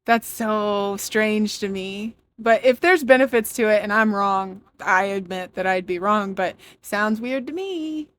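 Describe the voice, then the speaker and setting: A woman's voice: medium pitch, unhurried, hardly any pauses, a bit bright. A woman giving sarcastic, mocking voice-over commentary.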